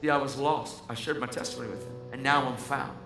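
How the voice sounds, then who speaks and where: A man's voice: medium pitch, fairly even intonation, fast talker. A man preaching a fervent, emphatic sermon and telling a story to the congregation. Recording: echoey hall with music.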